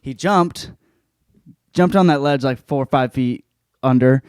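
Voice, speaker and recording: A man's voice: a little slow, clean tone, no room sound. Profane, jokey man in a dry room. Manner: profane, jokey, lots of swearing and laughing; jumps into loud high-pitched bits for effect. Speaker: podcast host. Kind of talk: casual book report monologue.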